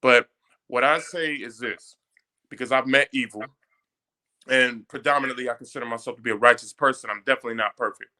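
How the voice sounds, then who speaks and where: Man, bright tense voice, emphatic storyteller who moralizes. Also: medium pitch, brisk. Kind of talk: casual discussion.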